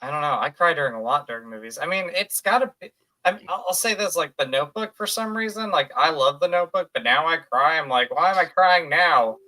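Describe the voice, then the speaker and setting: Bright-voiced man, animated chatter. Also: a little high, quick pace, poor audio. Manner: animated, emotional storytelling with quoted asides. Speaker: podcast co-host. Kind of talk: casual chat.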